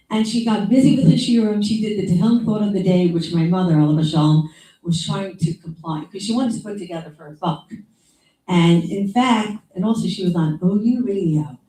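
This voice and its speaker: A woman's voice: lowish voice, moderate pace, mellow. Woman reminiscing in an echoey room. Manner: rambling, conversational, full of asides and quoted lines. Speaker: younger sister giving memorial remarks. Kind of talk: informal memorial talk. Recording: echoey room from some distance.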